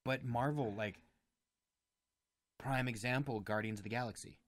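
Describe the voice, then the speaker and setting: A young man co-hosting a casual chat show over drinks, talking in an animated way and swearing often. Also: mid-range voice, normal speed, dry recording, clean studio sound. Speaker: co-host.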